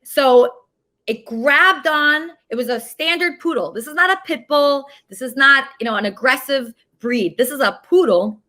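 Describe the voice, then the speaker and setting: A woman's voice: high-pitched, moderate pace, sharp tone. A woman hosting her own online show, delivering an indignant venting monologue to viewers and often tacking on "okay?". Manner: indignant, frequently adds "okay?". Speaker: show host.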